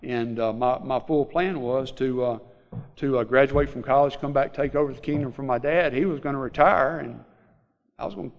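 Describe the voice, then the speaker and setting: A middle-aged man with a Southern US accent, telling a personal recovery story to a group in a halting, rambling way, full of fillers. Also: mid-range voice, creaky, lo-fi sound. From Mississippi Delta, USA. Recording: long hall reverb.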